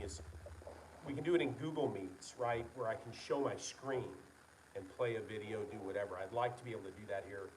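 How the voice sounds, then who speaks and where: Rambling low-voiced engineer on a call. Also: male voice, brisk, recorded from a distance, very noisy. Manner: rambling, self-correcting, earnest. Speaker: licensed engineer presenting to his company's followers. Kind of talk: casual online meeting talk.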